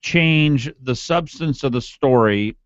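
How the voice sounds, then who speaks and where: A man co-hosts a morning talk radio show, asking questions in an easygoing way. His voice sits at a middle pitch. The sound is dry and dull, like an AM radio broadcast. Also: takes it slowly, no echo. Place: radio studio.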